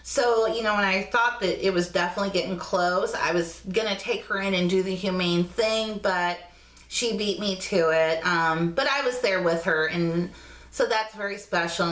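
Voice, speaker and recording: A woman's voice: mid-range voice, fairly bright tone. Chatty woman vlogger in an echoey room. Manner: chatty and affectionate, coos at her dog in baby talk. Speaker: vlog host. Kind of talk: casual motivational vlog.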